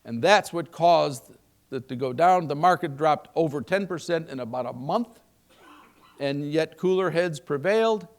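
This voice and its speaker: An older man delivers a live economic keynote with folksy jokes and questions to the room. His voice sits a bit high and has a gravelly, creaky texture. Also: animated, a little slow. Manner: folksy, joking, asks the audience questions. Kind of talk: live keynote talk with anecdotes.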